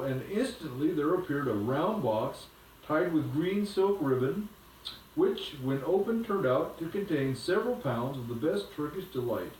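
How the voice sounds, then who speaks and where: A man's voice: a little high, darkish tone, recorded from a distance, slight background noise. Man reading a bedtime story in an echoey room.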